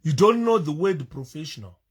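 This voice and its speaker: Male commentator, husky voice, high and lively pitch, emphatic, repetitive, emotional. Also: fairly quick. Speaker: political commentator. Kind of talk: commentary over video clips.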